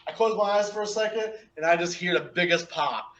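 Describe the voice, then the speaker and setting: A man tells a story in loose, casual chat, laughing as he goes and acting out what people said. His voice sits a little high. The recording is dull and lo-fi. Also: a little fast. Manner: animated anecdote with laughs and acted-out quotes. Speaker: guest wrestler.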